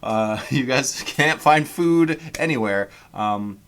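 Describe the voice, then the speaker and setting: A man's voice: mid-range voice, lively intonation, slow, a bit bright, clear, resonant tone. A man from Canada running a tabletop game as game master, rambling with lots of ums. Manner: rambling, many ums, laughs at own jokes.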